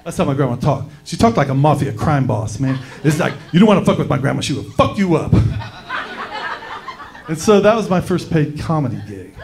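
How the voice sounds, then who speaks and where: A man's voice: a little high, sing-song, a little fast, a little mellow. A man doing a brash, crude stand-up set on a comedy club stage.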